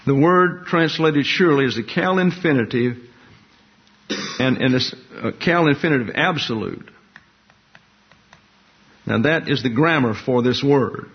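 A man teaching a Bible lesson in a slow, deliberate, explanatory way, repeating key words for emphasis. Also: medium pitch, husky. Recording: dull lo-fi recording.

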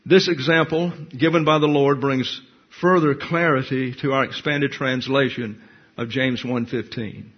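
A man's voice: medium pitch, fairly even intonation, a little slow, breathy edge. A man preaching a Bible class sermon, blunt and teacherly, reading scripture verse by verse and explaining it. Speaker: pastor. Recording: dull lo-fi recording.

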